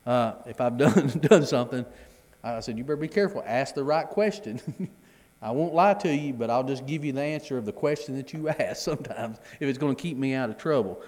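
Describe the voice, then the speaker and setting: Conversational preacher in a reverberant hall. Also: male voice, mid-range voice, brisk, a little mellow. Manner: conversational, repeats words, chuckles at himself. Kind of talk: Bible class teaching.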